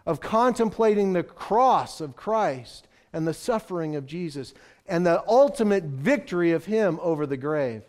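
A man preaching a sermon as pastor, swinging from loud proclamations to hushed, emphatic lines. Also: a little high, animated, moderate pace.

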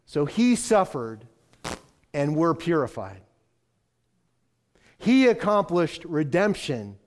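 A man preaching a sermon as pastor, swinging from loud proclamations to hushed, emphatic lines. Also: fairly high pitch.

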